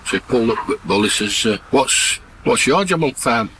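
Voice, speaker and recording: A farmer with an animated, brisk, bright and forceful medium-pitched voice cracks blunt, earthy rural jokes and laughs at his own punchlines. He's outdoors on a farm amid mud and mist, in a rough field recording with background noise.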